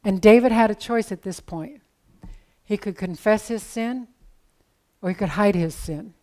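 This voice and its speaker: A woman's voice: mid-range voice, a little slow, darkish tone. A woman preaching a sermon in a conversational, storytelling way with casual asides.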